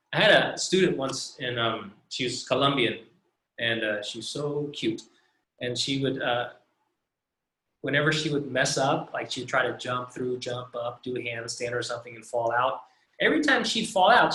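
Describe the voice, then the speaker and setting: Over a video call, a man teaches an online language lesson, stretching out each sound slowly and patiently so students can repeat after him. His voice is medium in pitch with a sharp tone, and the audio is reverberant.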